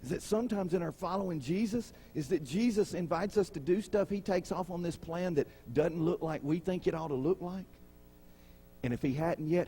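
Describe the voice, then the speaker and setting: A man with a fairly high, dark-toned, husky voice delivers a sermon as a pastor. He speaks conversationally, questions the congregation and acts out the figures in his stories.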